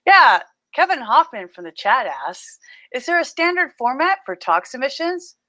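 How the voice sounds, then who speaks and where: A woman's voice: high voice, sing-song, normal speed, sharp tone. A woman co-hosting a casual chat over a video call, playful and giggly, teasing her co-host.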